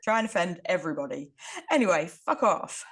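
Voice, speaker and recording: A woman's voice: fairly low pitch, very animated, brisk. A woman co-hosting a podcast, chatting casually in a wry, rambling way and laughing often. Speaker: podcast co-host. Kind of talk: casual chat.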